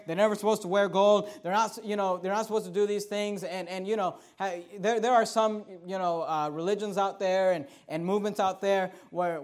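High-voiced emphatic man preaching. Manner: emphatic, swings between quiet and loud, reads scripture slowly. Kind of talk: sermon.

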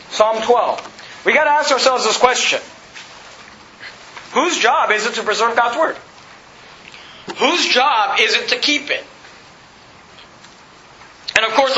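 A man's voice: very high-pitched, sharp tone, slight background noise. A man preaching a sermon, emphatic and repetitive, quoting scripture and putting questions to the congregation. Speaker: pastor. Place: church sanctuary. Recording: echoey, dull sanctuary recording.

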